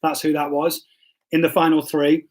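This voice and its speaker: Brief: male pastor hosting a live stream, high voice, jokey, apologetic, bumbling. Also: monotone, moderate pace, darkish tone. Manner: jokey and self-deprecating, stumbles and apologizes. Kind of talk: casual livestream chat, reading quiz results.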